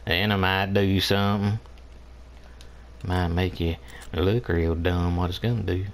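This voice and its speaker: Speaking in a deep voice at a measured pace, this man keeps his intonation fairly even. He's commentating casually over an online shooter match he's playing, ribbing the other players in good fun and breaking into laughter often.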